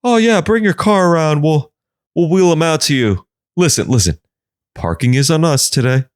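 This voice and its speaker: A man's voice: on the high side, lively intonation, moderate pace, pitched above the performer's own voice, lightly acted. A man voicing a breezy, overly casual male hospital staffer.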